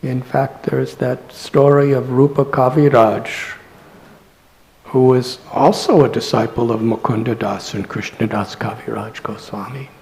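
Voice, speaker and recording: A man, a monk, telling devotional stories in a scripture class at a temple, soft-spoken and often dropping to near-whispers. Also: medium pitch, little pitch movement, a little slow, poor audio. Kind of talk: devotional lecture storytelling.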